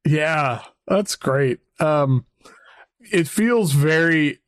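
A man's voice: a little high, expressive, drawn-out words, no room sound, studio quality. A man hosting a casual music podcast, chatty and rambling, who laughs often as he talks. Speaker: podcast host.

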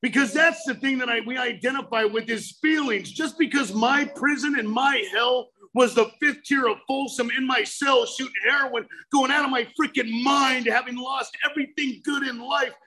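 A man with a very high, bright, forceful voice shares his own recovery story. He speaks emphatically, building to loud bursts as he tells his tale. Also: normal speed, few pauses, low-quality recording. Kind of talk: personal recovery talk.

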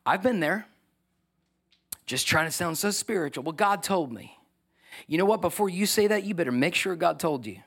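A man's voice: high voice, animated, brisk, vocal fry, fairly bright tone, husky. A man pastor preaching a sermon in a church, passionate and driving, firing rhetorical questions with casual joking asides. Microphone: microphone.

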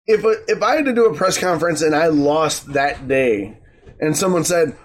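A man on a casual podcast, reasoning things through calmly with fillers and tag questions. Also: fairly high pitch. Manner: measured, reasoning with fillers and 'right?'. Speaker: podcast co-host.

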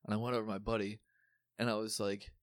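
A young man telling a story in casual chat, animated and swearing, acting out what people said. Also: on the low side, fast talker, dry recording, clean studio sound. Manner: animated, swearing, acts out quotes.

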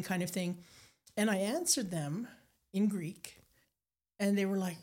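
An older woman from Nova Scotia, a guest telling animated stories in an interview, acting out the people she quotes. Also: mid-range voice, unhurried, pauses often. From Nova Scotia, Canada. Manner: animated anecdotes, acts out quoted voices. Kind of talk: storytelling interview.

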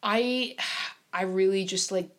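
A woman's voice: medium pitch, takes it slowly. A young woman co-hosting a casual podcast, teasing her co-host and laughing as they chat.

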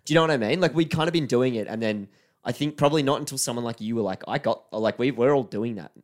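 A young man hosting a casual podcast chat, laughing often and jumping in with quick agreement. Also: medium pitch.

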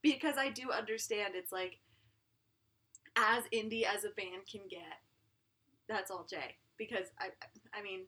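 A woman's voice: mid-range voice, measured pace, pauses often, bright, forceful tone, breathy edge. A woman co-hosting a podcast, chatting casually and rambling, laughing often between thoughts. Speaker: podcast co-host.

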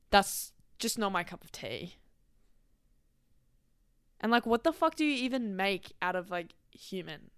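A young Australian woman chats through her solo podcast in a loose, rambling way, dropping swear words and side comments as she goes. Her voice sounds crisp and bright and sits a little low. It is recorded dry and close to the mic. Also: no echo. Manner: chatty, swears freely, rambling asides. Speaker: podcast host. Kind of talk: casual solo podcast chat.

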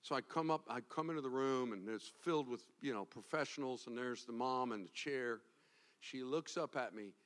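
A man's voice: medium pitch, normal speed. Impassioned male pastor preaching a sermon. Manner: storytelling, building to loud impassioned preaching.

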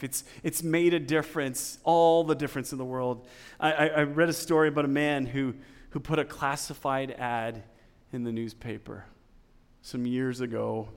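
A male pastor preaching a sermon, dropping to hushed, low passages and then building to loud, climbing peaks, repeating phrases for emphasis. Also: big-room sound.

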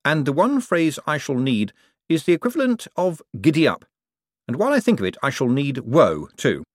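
A man's voice: fairly high pitch, wildly swooping pitch, moderate pace, no echo, clean studio sound, pitched above the performer's own voice. A man doing a breezy, persuasive conman. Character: confident, smooth-talking male conman.

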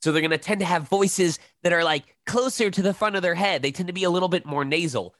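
Animated man explaining voice acting. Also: high-pitched, fast talker, no echo, clean studio sound. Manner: animated, demonstrates voices mid-sentence. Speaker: voice actor guest. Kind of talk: casual interview talk.

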